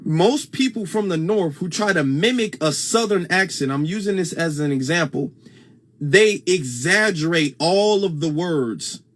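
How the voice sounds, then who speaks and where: High-voiced man hosting a casual livestream. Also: expressive, measured pace, fairly bright tone. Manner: conversational, repeats points, reads viewer comments aloud. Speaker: host.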